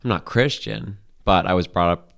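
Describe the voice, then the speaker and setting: A man's voice: sits low, moderate pace, fairly bright tone. A man co-hosting a podcast in casual chat, rambling with lots of "like" and frequent swearing. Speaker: podcast co-host.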